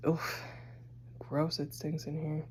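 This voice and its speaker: Low-voiced woman vlogging from home. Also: flat delivery, takes it slowly, a little mellow, reverberant, slight background noise. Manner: rambling, chatty, filler-heavy. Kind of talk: casual chat. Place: basement and rooms of a house, indoors. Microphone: handheld phone.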